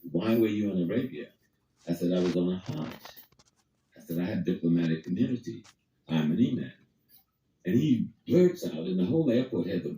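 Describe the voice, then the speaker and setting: A man's voice: low voice, dark tone, reverberant, far from the mic, rough recording. An older man from Harlem, New York, telling a vivid story in conversation and acting out the quoted dialogue. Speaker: guest storyteller.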